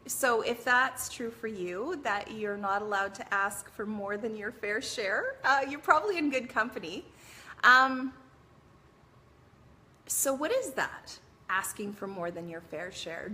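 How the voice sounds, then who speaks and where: Middle-aged woman doing a live stream, bright voice, chatty and animated, faint noise behind. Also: mid-range voice, measured pace. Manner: chatty and animated, laughs often, greets viewers by name. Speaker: host of a live-streamed advice show. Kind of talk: casual live-stream talk.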